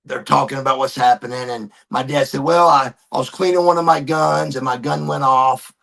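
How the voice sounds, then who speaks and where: A man's voice: medium pitch, fairly even intonation, brisk, gravelly, fairly bright tone. A man, a podcast guest animatedly telling a personal story and calling people brother. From Georgia, USA.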